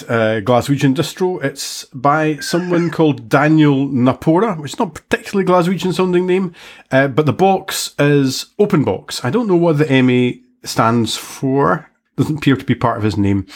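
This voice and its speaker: A man's voice: fairly high pitch, animated, normal speed. A man co-hosting a casual tech podcast, talking with dry, self-mocking humour. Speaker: podcast co-host. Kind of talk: casual chat.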